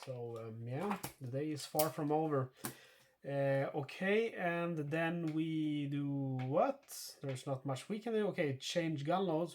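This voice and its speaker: A man talks through a solo tabletop wargame, explaining each rule and roll in a casual running commentary. His voice sits a little higher than most men's, and he often stops to restart or correct himself with plenty of fillers. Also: slow pace, a little mellow. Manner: thinks aloud with many fillers and self-corrections. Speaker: board game player narrating a solo playthrough.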